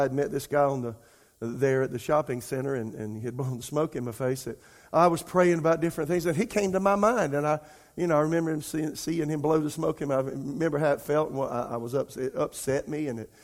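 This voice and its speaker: In a fairly high voice and at a slightly quick pace, a pastor preaches a loose, conversational sermon, calling out to his congregation. His storytelling is emotional, often repeating words, swelling into near-crying pleas before dropping to a soft hush.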